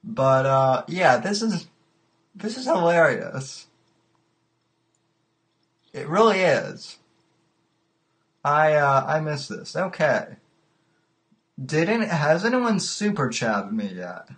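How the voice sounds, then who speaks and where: A man hosting a casual livestreamed call-in podcast, talking in a halting way and repeating his words. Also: a little high, big pitch swings. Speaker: podcast host.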